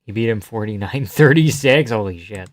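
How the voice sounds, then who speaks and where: A man's voice: lowish voice, animated, normal speed, no echo, clean studio sound. A man streaming live, chatting casually and joking through a fight watch-along, reading chat aloud and swearing freely.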